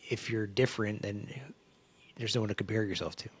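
A man's voice: lowish voice, fairly even intonation, fairly quick, slightly rough. A man in his forties co-hosting a casual podcast, explaining things easygoingly with acted-out examples. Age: 40s. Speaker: podcast co-host. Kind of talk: casual chat.

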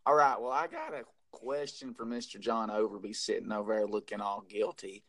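A man's voice: fairly low pitch, fairly even intonation, brisk, a bit bright. A man co-hosting a casual podcast, talking in a folksy, needling way as he puts questions to the guests. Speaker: podcast co-host.

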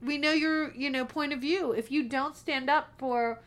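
Higher-voiced woman co-hosting a casual chat. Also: fairly even intonation, moderate pace, a bit bright. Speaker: podcast co-host. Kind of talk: casual conversation.

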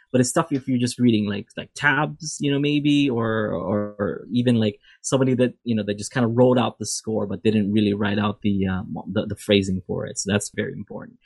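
A man's voice: medium pitch, darkish tone, no room sound. A man teaching an instrument lesson, explaining playing technique in a loose, rambling way with many fillers and restarts. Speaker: music teacher.

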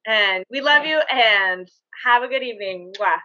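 A woman's voice: a little high, lively intonation, moderate pace, pushed and bright, lo-fi sound. A woman co-hosting a podcast in casual chat, rambling a little with fillers as she tells a story. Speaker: podcast co-host.

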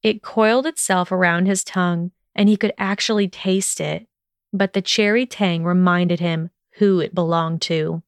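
A woman narrating a fan fiction story in a steady, even storytelling manner. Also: on the low side, unhurried, clear, resonant tone, no room sound, studio quality.

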